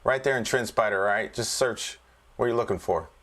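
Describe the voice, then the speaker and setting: A man's voice: on the low side, normal speed, a bit bright. A man, a trading coach, giving a casual screen-share market review, chatty and joking, often checking in with listeners. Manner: chatty and joking, keeps checking in with "all right?".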